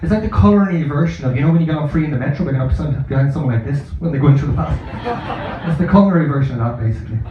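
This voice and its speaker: Profane, self-mocking comedian in an echoey club. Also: male voice, a little high, lively intonation, racing, few pauses, a little hiss or hum. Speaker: stand-up comedian. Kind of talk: stand-up comedy set. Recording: echoey, dull live club recording.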